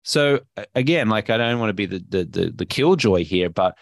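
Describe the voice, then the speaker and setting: Australian man, emphatic guest, lively swooping pitch, dry close sound. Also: moderate pace, no echo. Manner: emphatic, animated, playful. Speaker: podcast guest, health coach. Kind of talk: energetic interview talk.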